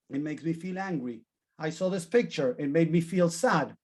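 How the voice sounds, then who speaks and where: A man teaching a therapy training class, animated and emphatic, repeating key words in lists. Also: fairly high pitch, moderate pace, breathy edge. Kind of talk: live training lesson.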